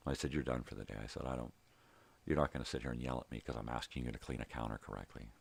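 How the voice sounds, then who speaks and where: A man's voice: very deep voice, steady tone, very fast, gravelly, slight background noise. An older man hosting his own vlog, telling a heated, profanity-filled story in a casual ranting monologue. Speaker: vlog host. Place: home.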